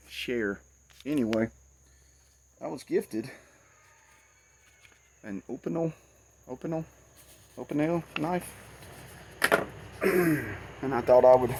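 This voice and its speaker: A middle-aged Southern man rambling in a folksy, good-humored way at a mid-range pitch, still sweaty and shaky after working outdoors. Crickets and insects chirp behind him in the woods. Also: a little mellow, a little hiss or hum. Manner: folksy, chatty, self-deprecating. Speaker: outdoors vlogger. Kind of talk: casual outdoor vlog.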